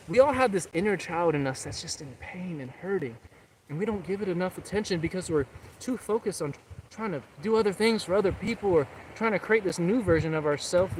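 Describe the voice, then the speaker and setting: This young man's voice is high-pitched, with a little noise behind it as he films himself outside in a public spot. His talk is casual and motivational: an earnest, wandering account of his recovery that urges viewers on.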